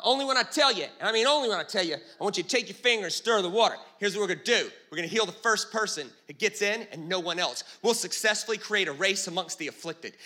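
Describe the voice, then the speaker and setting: A man's voice: high voice, sharp tone, heavily acted. A man playing a bored, bossy God. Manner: bossy, showy, mocking. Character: bored, vain God giving orders to an angel.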